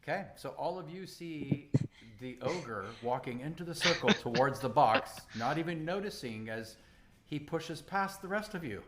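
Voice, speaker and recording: A man narrating as game master of a tabletop game, animated and chatty, often laughing. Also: fairly high pitch, moderate pace.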